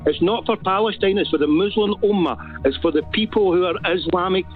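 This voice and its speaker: A man's voice: high-pitched, fairly quick. A man with a Glaswegian accent calling into a talk show, speaking in a fervent, rambling way that builds to urgent appeals. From Glasgow. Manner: fervent, rambling, rising to exhortation. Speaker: phone-in caller. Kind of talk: casual phone-in call. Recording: tinny phone line with faint music.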